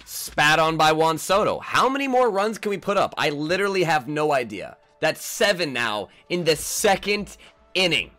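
A young man giving live, trash-talking commentary on his own baseball video game, jumping between low mutters and sudden yells. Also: big pitch swings, moderate pace, faint music behind. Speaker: gaming YouTuber.

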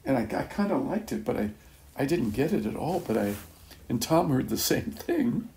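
An older man giving a casual spoken testimony to a small church group, rambling and halting with many restarts and soft chuckles. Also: mid-range voice, big pitch swings, vocal fry, slight background noise. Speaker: speaker at a church gathering.

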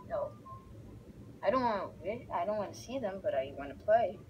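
A woman giving excitable let's-play commentary, reacting loudly and narrating the action on screen. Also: medium pitch, normal speed, highs cut off, slight background noise. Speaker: gaming video creator.

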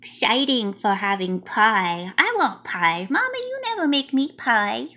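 A woman's voice: a little high, big pitch swings, unhurried, sharp tone, full character voice. A woman voicing a cute, chatty little male mouse who reads a picture book aloud in a childlike, playful way with broken grammar. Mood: cheerful. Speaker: storybook reader.

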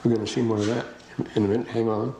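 A man's voice: lowish voice, flat delivery, very fast, warm tone, slight background noise, rough recording. An older man giving a classroom lecture, reading verses aloud and breaking in with rambling comments to his students.

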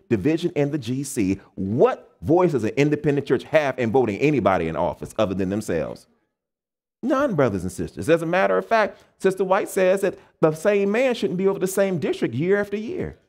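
A man from the United States preaching a camp meeting sermon, asking the congregation questions and acting out the people he quotes. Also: medium pitch. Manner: animated, call-and-response questions to the congregation; acts out quoted people in changed voices.

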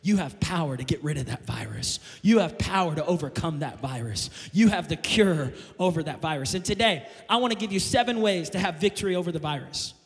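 A man preaching a sermon as pastor, impassioned and building to shouted climaxes. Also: fairly high pitch, expressive, fairly quick, creaky, hardly any pauses. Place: church sanctuary. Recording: long reverb of a church hall.

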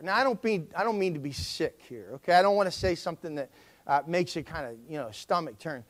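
A man's voice: a little high, animated, fast. A male pastor preaching a sermon in an emphatic style and calling on the congregation to respond.

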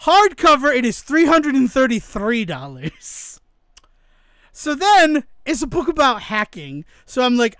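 A man co-hosting a podcast in casual chat, animated, laughing often and acting out quoted exchanges. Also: extremely high pitch, unhurried, no room sound, studio quality. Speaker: podcast co-host.

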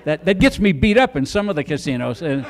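An older man with a notably high voice does a stand-up comedy set on a club stage. He rambles in a folksy, self-mocking way into a handheld microphone. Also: sing-song, a little fast.

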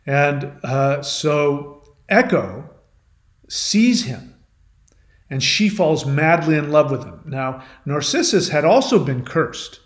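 A man's voice: fairly high pitch, a bit bright. Man retelling a myth in a chatty way. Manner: conversational, explanatory asides to the listener. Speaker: channel host. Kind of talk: storytelling, retelling a myth as a lesson. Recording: roomy echo.

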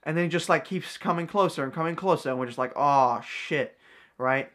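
A man's voice: fairly high pitch, quick pace, a bit bright. A young man, a vlogger and card magician, telling a story casually to camera with lots of slang and fillers. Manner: slangy, full of fillers and "bro".

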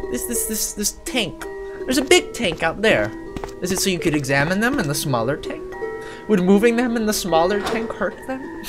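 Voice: mid-range voice, sing-song, a little slow, long pauses. A live-streamer giving casual, jokey commentary while playing a horror video game, swearing offhandedly, laughing often and chatting with viewers. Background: game music.

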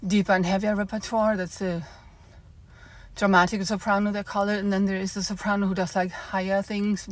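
A woman's voice: mid-range voice, level tone, a little fast. A woman opera singer in a casual vlog, explaining things from her car in a chatty way with many fillers, slightly out of breath.

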